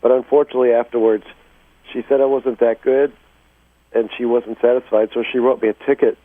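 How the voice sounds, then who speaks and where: Male stand-up comic caller, brisk rehearsed delivery, mid pitch, over a phone line. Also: level tone, no room sound. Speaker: stand-up comedian. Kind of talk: telling a joke on a call-in show.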